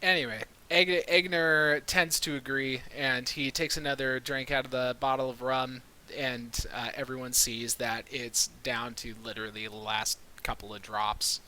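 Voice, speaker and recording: A man's voice: mid-range voice, fairly even intonation, normal speed, hardly any pauses, sharp tone, slight background noise, low-quality recording. A man narrating his character at a tabletop game, offhand and joking. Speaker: player.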